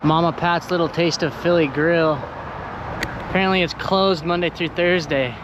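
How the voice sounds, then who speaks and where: An excitable young man rambles into a handheld camera as he hikes a rural trail. His voice sits a little high for a man, and faint wind drifts behind him. He is chatty and easily delighted. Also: measured pace, lo-fi sound. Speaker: thru-hiker vlogger. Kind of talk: casual vlog chat while hiking.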